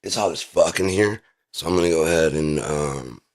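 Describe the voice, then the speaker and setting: Deep-voiced man ranting with heavy profanity. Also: normal speed. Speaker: vlogger. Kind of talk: casual rambling monologue. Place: indoor room with a heater.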